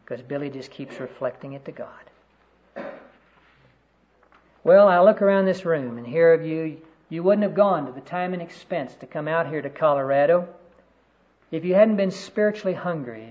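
A male preacher gives an earnest sermon, mixing personal stories with scripture quotations. His voice sits a little high for a man. The recording is dull and lo-fi, like an old conference tape. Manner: earnest storytelling, quotes scripture. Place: conference room.

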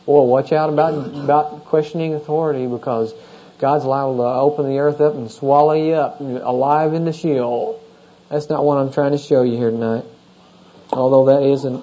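A man's voice: medium pitch, warm tone, dull audio. A man in his thirties preaching a sermon as a pastor, in a conversational style full of "you know?" asides.

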